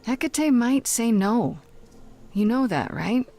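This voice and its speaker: A steady, determined young muse in a video game. She talks slowly and carefully, and her voice rises and falls with lively inflection. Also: on the high side. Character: determined young woman muse, patient and direct.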